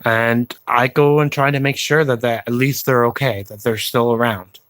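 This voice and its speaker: A man vlogging to his viewers, speaking slowly and earnestly with pauses and fillers, encouraging them to reach out to others. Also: medium pitch, steady tone, a bit bright, no echo. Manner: slow, halting delivery with pauses and fillers; encouraging, plain-spoken. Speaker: YouTube vlogger. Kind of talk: slow earnest personal appeal to viewers.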